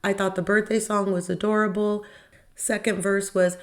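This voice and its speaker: A woman's voice: medium pitch, flat delivery, normal speed. A woman hosting a podcast, recapping a reality show in a casual, opinionated way with wry asides and rhetorical questions. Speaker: podcast host.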